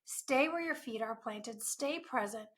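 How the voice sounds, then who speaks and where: A woman's voice: on the high side, measured pace. A woman hosting an advice podcast, talking earnestly in a coaching tone with frequent rhetorical asides. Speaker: podcast host.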